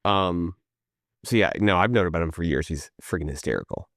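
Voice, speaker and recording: A man from East Tennessee, co-hosting a casual podcast chat and telling animated stories peppered with "like." His low voice sits close and dry on the mic. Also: a little fast, no echo. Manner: animated storyteller, lots of "like". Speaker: podcast co-host.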